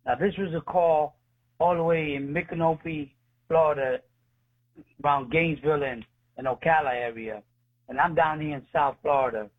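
A man's voice: a little high, normal speed, husky. A man telling his faith testimony as a guest, speaking earnestly and acting out the dialogue. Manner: earnest, retells dialogue with voices. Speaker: ministry leader, guest. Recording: tinny phone line.

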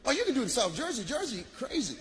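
A man from Michigan doing stand-up comedy, loud and shouting his punchlines while laughing through the bits. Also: extremely high pitch, very animated, very fast, slightly rough.

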